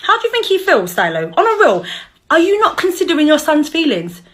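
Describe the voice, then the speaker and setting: A woman's voice: sits high, wildly swooping pitch, fairly quick, a bit bright. A young woman ranting and cussing in an angry call-out vlog. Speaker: vlogger, mother.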